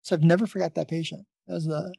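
A man's voice: on the high side, level tone, quick pace, creaky, dark tone, breathy edge, no room sound. A man who is a nurse and podcast host, telling a long story in a casual, rambling way with many restarts.

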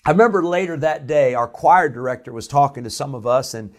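With a medium-pitched voice that runs a little fast, an Illinois pastor preaches, weaving in a personal tale. He talks conversationally, stumbling into "uh" fillers and restarting often.

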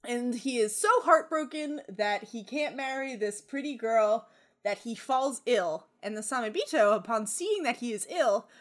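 A woman's voice: a little high, expressive, measured pace. A young woman casually retelling a legend on a podcast, rambling, swearing freely and giggling. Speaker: podcast co-host. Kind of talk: casual storytelling.

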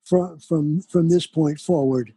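An older man speaking in a halting way, restarting his words and choosing gracious, formal phrases. His voice is very husky and mellow, and the sound is dry and close. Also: on the high side, fairly even intonation, no echo. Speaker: guest musician. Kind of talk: casual chat.

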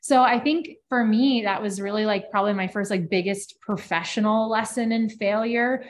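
Woman on a podcast telling a work story, chatty, lots of "like", middle pitch. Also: normal speed, a little hiss or hum. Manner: lively anecdotal telling, frequent "like" fillers. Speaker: podcast co-host. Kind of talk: casual storytelling chat.

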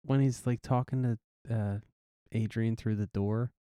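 A man's voice: lowish voice, fairly even intonation, a little slow, dark tone, clear, resonant tone, dry recording, studio quality. Casual man reacting on a podcast. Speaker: podcast co-host. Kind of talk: casual chat.

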